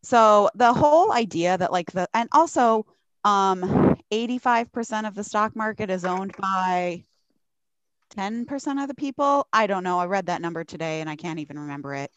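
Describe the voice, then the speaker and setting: A woman's voice: medium pitch, moderate pace, no room sound. A woman co-hosting a podcast, ranting casually and profanely about politics. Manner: profane, animated storytelling. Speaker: podcast co-host.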